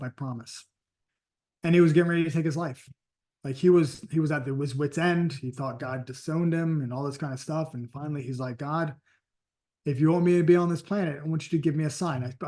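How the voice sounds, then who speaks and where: A man with a fairly high voice delivers a motivational training talk on sales. He tells stories in a lively, emphatic, conversational manner, like a coach talking straight to his group. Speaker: sales and network marketing coach.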